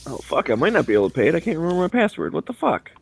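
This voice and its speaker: A show host with a slightly high, creaky, somewhat rough voice talks at a racing pace. Chatting casually, he tells swear-filled stories and animatedly acts out other people's voices.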